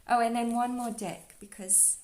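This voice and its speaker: Soft dreamy woman in a roomy space. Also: on the high side, steady tone, normal speed, slight background noise. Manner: soft and dreamy, full of "like" and "you know". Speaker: astrology and oracle card reader. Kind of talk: relaxed spiritual card reading.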